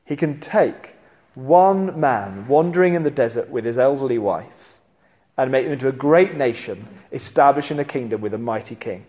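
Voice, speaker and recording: A man preaching a sermon, telling the story in an animated way and acting out the voices of the people in it. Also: medium pitch, moderate pace. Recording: long hall reverb.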